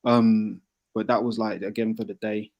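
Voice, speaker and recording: A man's voice: on the low side, little pitch movement, normal speed, a little mellow. A young man with a Birmingham English accent chatting casually, slangy and candid. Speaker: panel guest. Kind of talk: casual chat.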